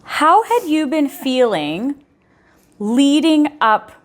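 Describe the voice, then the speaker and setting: A woman's voice: high-pitched, sing-song, takes it slowly. Empathetic woman interviewing a guest. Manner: empathetic, recaps the guest's story and prompts her. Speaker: podcast host interviewing a guest. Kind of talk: conversational interview.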